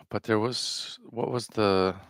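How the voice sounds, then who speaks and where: Low gravelly man musing offhand. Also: extremely slow, no echo. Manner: deadpan, offhand, self-mocking. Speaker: livestream host. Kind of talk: casual rambling livestream commentary.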